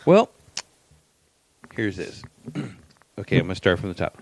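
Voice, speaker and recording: Low, lively, joking man podcast co-host. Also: measured pace, no echo, low-quality recording. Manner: joking, teasing banter. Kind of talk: casual podcast chat.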